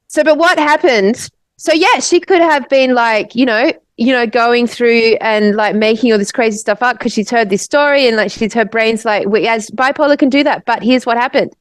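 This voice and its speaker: A woman's voice: on the high side, moderate pace, no echo, low-quality recording. Rambling Australian woman telling a story. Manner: animated, rambling, swears freely. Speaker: podcast co-host. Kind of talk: casual storytelling.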